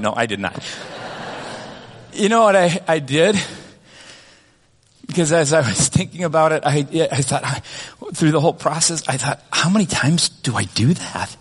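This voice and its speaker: Male pastor, self-mocking storyteller, rambles and corrects himself, voice on the higher side. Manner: self-deprecating storytelling with many restarts. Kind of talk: sermon with personal story. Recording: long reverb of a church hall.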